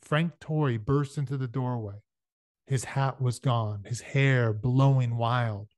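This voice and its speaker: A man's voice: mid-range voice, slow pace, a little mellow, dry recording, clean studio sound. Man reading a novel aloud. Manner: casual explanatory asides between passages. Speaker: audiobook reader.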